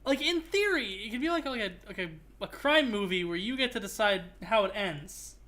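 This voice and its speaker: A man's voice: sits high, expressive, fairly quick, bright, forceful tone. A man hosting a gaming stream, chatting casually and rambling through jokes. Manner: rambling, joking, restarts phrases. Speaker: streamer host.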